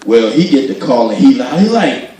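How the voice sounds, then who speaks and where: A man doing stand-up storytelling, animated and acting out voices as he laughs through his jokes. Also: medium pitch, a little fast, crowd noise. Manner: animated, acts out voices, laughs while telling. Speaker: stand-up comedian. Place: gospel comedy show venue. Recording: echoey hall from far off.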